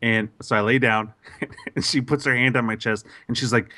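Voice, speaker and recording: A man's voice: medium pitch, normal speed, no room sound. Man telling a story, dry close mic. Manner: animated, lots of fillers and restarts. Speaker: podcast host. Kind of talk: casual storytelling.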